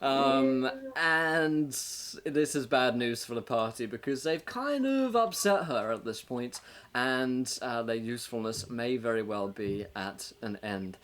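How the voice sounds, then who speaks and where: A man hosting a tabletop game stream as game master, talking in a casual, upbeat monologue that is full of fillers and quick laughs. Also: mid-range voice, animated, a bit bright. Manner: upbeat and chatty, laughing between thoughts, many filler words. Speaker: game master and show host.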